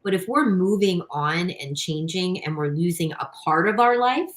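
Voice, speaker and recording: A woman's voice: on the low side, animated, moderate pace, rough recording. A woman who is a guest on a podcast, speaking reflectively in casual conversation and rephrasing as she goes.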